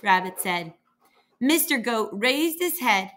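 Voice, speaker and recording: A woman reading a children's picture book aloud, slowly and expressively, giving the animals their own voices. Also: fairly high pitch. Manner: lively character voices, slow and expressive. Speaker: reader.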